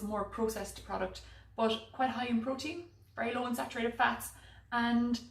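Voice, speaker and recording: A woman presenting a live cook-along demonstration in her home kitchen, chatty and self-mocking, picked up by a camera mic some distance away. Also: a little high. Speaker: cooking demo presenter. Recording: echoey kitchen, mic far off.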